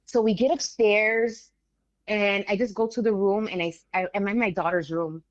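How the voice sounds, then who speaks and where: Animated woman telling a story. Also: medium pitch, normal speed, dry recording, highs cut off. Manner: animated, acts out quoted voices, swears casually. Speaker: guest. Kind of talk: casual storytelling interview.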